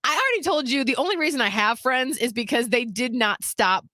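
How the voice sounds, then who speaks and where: A woman's voice: fairly high pitch, expressive, fairly quick, sharp tone, no room sound, clean studio sound. A woman who hosts radio and co-hosts a podcast, talking in a casual, blunt, self-deprecating way. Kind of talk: casual chat.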